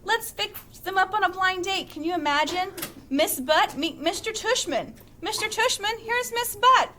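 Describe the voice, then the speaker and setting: Woman reader as a goofy, teasing father in a storybook read-aloud, high pitched. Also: lively intonation, normal speed, pushed and bright, slight background noise, heavily acted. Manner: teasing and upbeat. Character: a playful, joking father.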